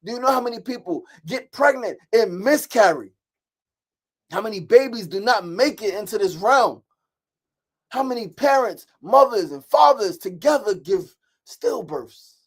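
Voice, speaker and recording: Emphatic high-voiced man preaching. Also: expressive, a little slow, breathy edge. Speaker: host. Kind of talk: motivational podcast monologue.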